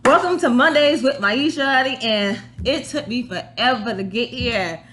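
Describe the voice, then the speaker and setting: A chatty young woman hosts her own casual vlog. She tells her stories in an animated way, with high, squealing quoted reactions. Her voice sits a little high and sounds bright and forceful, picked up on a basic phone or webcam mic. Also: moderate pace. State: out of breath. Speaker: vlog host. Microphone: phone or webcam, before her new microphone works.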